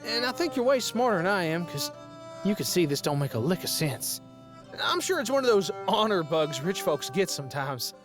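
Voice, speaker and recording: Woman voicing a sweet country boy, folksy drawl, low voice, lively pitch, game music behind. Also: normal speed. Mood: tender. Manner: folksy rural drawl, plain talk. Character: simple, kindhearted young country man.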